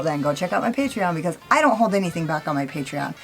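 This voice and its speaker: A woman's voice: lowish voice, animated, gravelly. A woman makeup vlogger ranting casually, blunt, opinionated and full of swearing. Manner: speeds up for a quick sign-off. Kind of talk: casual vlog rant.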